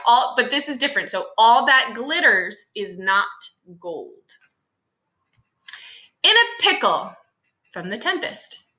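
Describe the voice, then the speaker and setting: A woman's voice: on the high side, pushed and bright, roomy sound, low-quality recording. A young adult woman teacher talking through a class lesson in a chatty, casual way with many fillers and asides.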